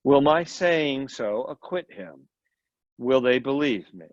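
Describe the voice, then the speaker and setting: A man reading the part of a quiet, composed foreign woman who is tall and pale, in a story reading. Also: mid-range voice, expressive, slow pace, no echo. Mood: cold. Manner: quiet, composed, then intense. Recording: dull lo-fi recording.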